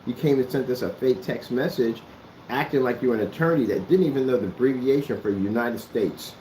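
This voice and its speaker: A man's voice: medium pitch, fairly quick, mellow, slight background noise. A man ranting at someone straight to the camera, scolding and sarcastic, with a lot of repetition. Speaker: vlogger. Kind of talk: confrontational address to camera. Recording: echoey room.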